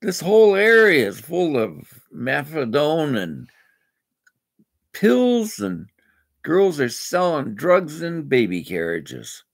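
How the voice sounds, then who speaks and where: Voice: medium pitch, huge pitch swings, slow, gravelly, a little mellow. A speaker from Canada, ranting indignantly in a rambling personal vlog. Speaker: vlogger. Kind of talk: angry personal rant.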